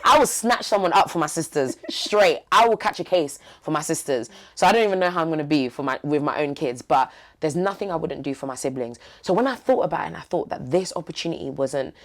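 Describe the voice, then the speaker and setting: Low gravelly young woman. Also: brisk. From East London. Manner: heartfelt, emphatic, slangy. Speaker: podcast guest. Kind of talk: candid interview talk.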